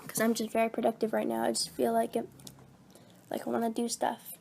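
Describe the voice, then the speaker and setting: A woman's voice: on the high side, monotone, fairly quick, creaky, mellow, a little hiss or hum. A fourteen-year-old girl who is sick, rambling casually into her phone about recording voice-acting videos. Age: teens. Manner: rambling, meandering, self-deprecating. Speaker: voice actor vlogger.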